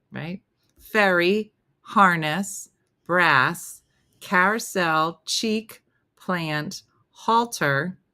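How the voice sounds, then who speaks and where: With a lowish, sharp-toned voice, a woman comedian runs a live morning show in casual live-stream style. She chats in a self-deprecating way and reads out viewer comments along the way.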